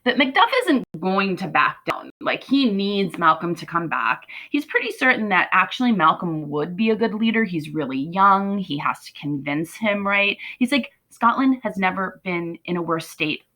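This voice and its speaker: Bright-voiced woman teacher explaining a play. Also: mid-range voice, moderate pace, hardly any pauses, rough recording. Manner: conversational, asks "right?" often, paraphrases lines in lively quotes.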